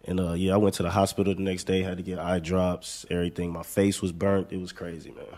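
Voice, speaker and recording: A man's voice: low-pitched, quick pace. An American man, a basketball player, casually and laid-back telling a personal story as a guest. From United States. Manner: relaxed, laid-back, says "man" a lot.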